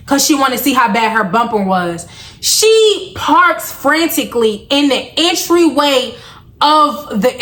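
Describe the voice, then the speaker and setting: A young adult woman vlogger casually retelling a story, animated and slangy, acting out the lines of the people in it. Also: fairly high pitch.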